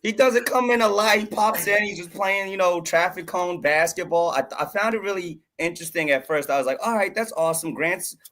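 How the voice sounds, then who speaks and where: Co-host: young guy, somewhat high bright voice, relaxed and jokey. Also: a little fast, hardly any pauses. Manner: laid-back, joking, laughs easily. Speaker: podcast co-host. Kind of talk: casual reality-TV recap banter.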